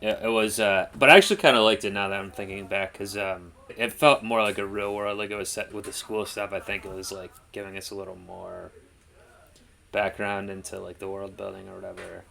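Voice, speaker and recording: Man, low flat gravelly voice, rambling casual chat, reaction show co-host. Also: fairly quick. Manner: rambling, laid-back, filler-heavy.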